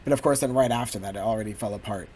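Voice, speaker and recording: A man hosting a casual gaming talk, speaking haltingly and filling gaps with "like.". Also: fairly low pitch, a little mellow, slightly rough. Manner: halting, filler-heavy, many "like"s.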